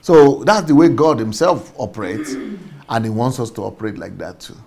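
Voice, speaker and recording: A man's voice: mid-range voice, big pitch swings, normal speed, creaky, noisy background. A man giving a passionate preaching-style talk, emphatic, repeating key phrases and chuckling as he goes. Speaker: speaker on faith and systems.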